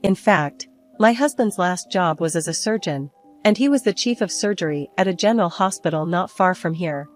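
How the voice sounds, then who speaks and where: Older woman, story narration, lowish voice, calm, faint music behind. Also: normal speed. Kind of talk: scripted narration.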